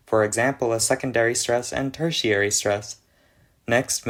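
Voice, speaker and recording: A man narrating a scripted explanation of an invented language, with a dry, mock-serious delivery. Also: medium pitch. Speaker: conlang video narrator.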